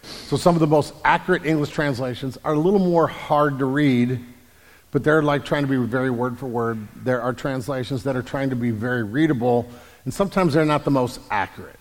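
Pastor answering questions in a reverberant hall. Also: male voice, mid-range voice, brisk. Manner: explanatory, repeats words when restarting. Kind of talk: Q&A about the Bible.

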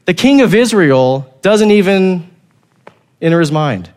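Animated preacher retelling a story. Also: male voice, high voice, a little slow. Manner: animated storytelling, acting out the characters; repeats words while finding the thought. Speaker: pastor. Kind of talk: sermon.

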